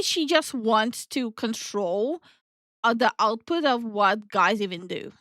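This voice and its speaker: A woman co-hosting a casual reaction stream, ranting in an exasperated, animated way. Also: a little high, takes it slowly, dry recording, clean studio sound. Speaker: VTuber co-host.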